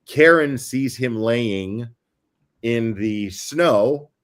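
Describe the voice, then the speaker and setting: A man's voice: medium pitch, extremely slow, fairly bright tone. Male host, casual stream chat, walks through events step by step, lots of ums. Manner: explains step by step, many ums and uhs.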